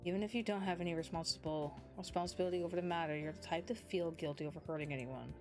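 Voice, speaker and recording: A stern young man from a visual novel speaks in a low, subdued, matter-of-fact way, voiced by a woman reading his lines. His tone stays formal and blunt. Soft game music plays underneath. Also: racing, lightly acted.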